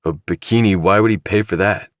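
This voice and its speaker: A man's voice: low voice, fairly quick, no echo, clean studio sound, pitched above the performer's own voice, close to an everyday voice. A cornered, defensive young man, voiced by a male narrator. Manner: tense, defensive, snapping. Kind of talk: audiobook dramatization.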